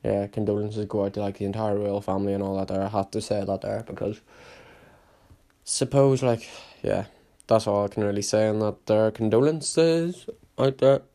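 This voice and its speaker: A young man hosting a solo podcast, rambling casually with heavy swearing and sudden loud hype bursts. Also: lowish voice, little pitch movement, fairly quick, vocal fry. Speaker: podcast host.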